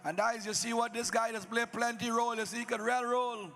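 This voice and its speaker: A man's voice: extremely high pitch, steady tone, fairly quick, vocal fry, sharp tone, soft background music. A man narrating a devotional epic to devotees, dramatic with folksy asides. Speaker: Ramleela narrator. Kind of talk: devotional storytelling to an audience.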